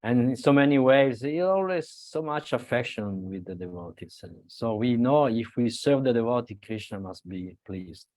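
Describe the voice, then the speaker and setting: A man from Italy with an Italian accent, speaking earnestly at a devotional gathering, halting and laughing a little as he restarts. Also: mid-range voice, animated, darkish tone, no echo. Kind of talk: devotional talk on a video call.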